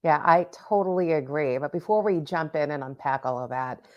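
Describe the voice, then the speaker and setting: Lower-voiced woman podcast host. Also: normal speed, muffled recording. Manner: warm encouraging interjections, "I love it". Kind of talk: casual interview chat.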